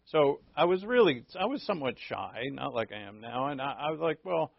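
A man preaching a sermon, telling stories with animated acted-out quotes and laughing at himself. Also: fairly high pitch, fairly quick, gravelly, no room sound. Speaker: pastor. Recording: dull, dry lo-fi recording.

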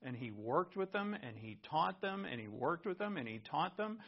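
Male pastor, gravelly mid-pitched voice, animated conversational sermon, dull lo-fi recording. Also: moderate pace. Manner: animated, conversational preaching with asides and laughs.

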